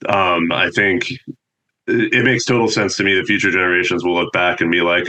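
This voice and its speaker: Deep-voiced, bright man. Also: fairly even intonation, moderate pace, rough recording. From United States. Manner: thoughtful, earnest explaining. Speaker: theologian guest. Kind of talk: reflective podcast conversation.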